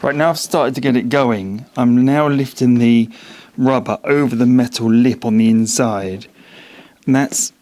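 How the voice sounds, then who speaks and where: A man's voice: medium pitch, steady tone, a little slow, dark tone. Wry man muttering while working. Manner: muttering to himself, wry and self-mocking, straining. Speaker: car restoration vlogger. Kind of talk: casual self-narration while working. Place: home garage.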